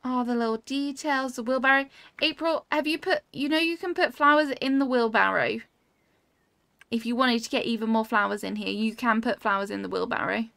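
A woman chats casually on a livestream of a cozy building game, speaking a little fast in a high-ish, slightly bright voice with vocal fry. She reads chat aloud and gushes, easily delighted, over viewers' builds; the recording is dry.

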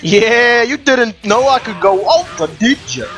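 A man commentating his own gameplay in a casual let's-play, getting excited, swearing and shouting at the game. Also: very high-pitched, measured pace, soft background music.

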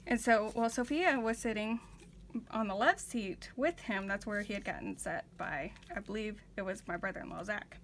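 A woman's voice: medium pitch, moderate pace, a bit bright, slight background noise. A woman vlogger chatting casually while she paints, telling family stories with many fillers and restarts. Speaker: vlogger, art journaler.

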